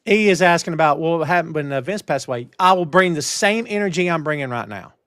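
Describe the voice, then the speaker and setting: A man hosting a wrestling news talk show, emphatic and animated, with lots of restarts. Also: a little high, fast talker, no room sound, clean studio sound. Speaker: podcast host. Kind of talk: casual wrestling news chat.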